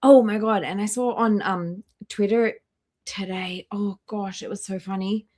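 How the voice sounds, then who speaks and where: A young Australian woman hosts a reaction livestream, giving blunt opinions and greeting chat members as she goes. Her medium-pitched voice has fairly even intonation, a measured pace, and a darkish tone.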